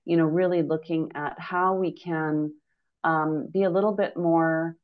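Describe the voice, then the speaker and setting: A woman on a conference panel speaking about her organization, halting with many ums and restarts. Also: sits low, fairly even intonation. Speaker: credit union executive panelist. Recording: dull lo-fi audio.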